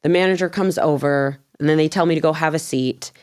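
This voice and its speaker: A woman guest tells a story in an interview, her low-pitched voice brisk and animated. She laughs often, acts out what she once said, and swears bluntly.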